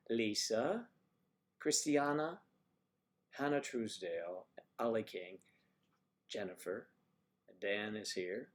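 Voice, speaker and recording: A man hosts a casual livestream, his voice carrying a gravelly edge. His pitch swings widely as he teases and chats while greeting his viewers by name. He speaks into a desk mic. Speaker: livestream host reading viewer chat.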